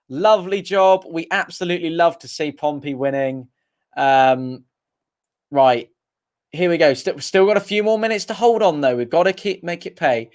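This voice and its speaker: A young man with a high voice calls the match for viewers of a fan stream. He chats with the audience between bursts of partisan excitement. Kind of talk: live fan commentary with chat.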